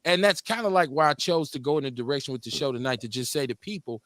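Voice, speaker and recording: Talk radio host guy, loose and cussing, kinda high voice, dry sound. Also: quick pace, dry recording. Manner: loose, profane, joking and animated. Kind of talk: casual live talk show banter.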